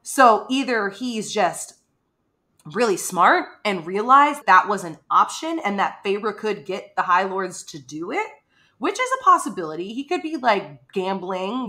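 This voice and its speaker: A woman co-hosts a casual book podcast, chatting in a lively way and slipping into quoted voices. Her tone is bright and forward. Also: medium pitch, measured pace. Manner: chatty, animated, acts out quotes. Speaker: podcast co-host.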